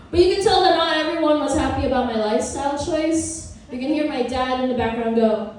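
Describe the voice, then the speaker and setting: A woman's voice: sits high, fairly quick, a little mellow, slight background noise. A young woman in her twenties doing a stand-up comedy set, with a playful, self-mocking, chatty manner. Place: comedy club with live audience. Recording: roomy, distant live club recording.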